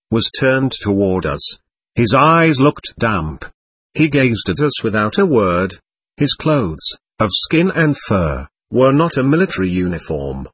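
A man giving measured, vivid first-person narration of an audiobook. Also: fairly low pitch, a bit bright, husky, no echo.

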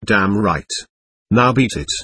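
A man's voice: fairly low pitch, animated, takes it slowly, pushed and bright, husky, no room sound, heavily acted. A man voicing a blunt, battle-hardened veteran soldier in an audiobook reading, giving curt, urgent orders. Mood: gruff.

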